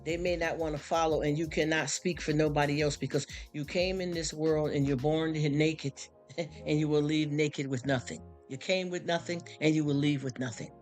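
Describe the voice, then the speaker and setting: Brief: weary host, mid-pitched voice, loose rambling faith chat over soft music. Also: steady tone, normal speed. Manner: rambling, repeats "you understand?". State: tired after a long work shift. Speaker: live streamer. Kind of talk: casual spoken faith talk to a live chat. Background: faint background music.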